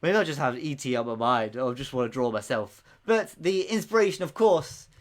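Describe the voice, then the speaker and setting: A man's voice: mid-range voice, expressive, normal speed. Giggly man hosting a quiz. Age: late 20s. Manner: jokey, giggly, rambling asides. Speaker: quiz host. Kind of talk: live-streamed quiz answers. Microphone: microphone close to the mouth.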